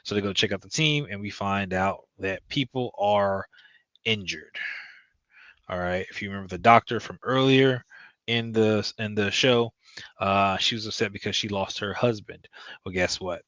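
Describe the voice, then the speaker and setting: Man, lowish voice, dry close sound, casual rambling TV recap. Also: moderate pace, fairly bright tone, no echo, dull audio. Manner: rambling, loose retelling with fillers. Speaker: TV show reviewer.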